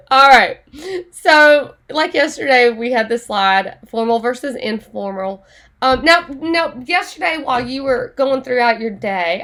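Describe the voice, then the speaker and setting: A woman teaching an online Spanish class in a chatty, animated way, laughing often. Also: fairly high pitch.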